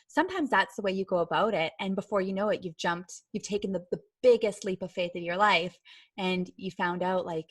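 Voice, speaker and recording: A woman's voice: mid-range voice, fairly quick, no room sound. A woman guest on a podcast, telling a personal story in a chatty way, full of filler words. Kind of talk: storytelling in a casual interview.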